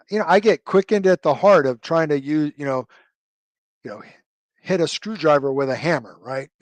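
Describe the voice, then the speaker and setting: A man's voice: on the high side, no echo. A middle-aged man and retired army officer telling stories in an interview, rambling and full of fillers and tag questions. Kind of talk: conversational storytelling interview.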